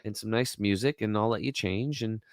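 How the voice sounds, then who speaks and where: A man's voice: lowish voice, brisk, no echo, studio quality, lightly acted. A man imitating a friendly, chirpy female massage therapist in a raised voice. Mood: welcoming.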